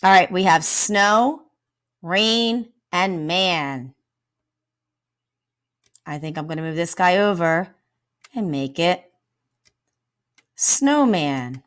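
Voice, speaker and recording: A woman teacher giving a phonics lesson to children. She sounds out words slowly, speaks straight to the pupils and praises them often. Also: lowish voice, fairly bright tone.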